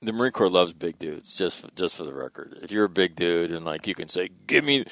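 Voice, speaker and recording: A man hosting a casual conversation, talking haltingly with many fillers and laughing often. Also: deep voice, no echo. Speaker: podcast host.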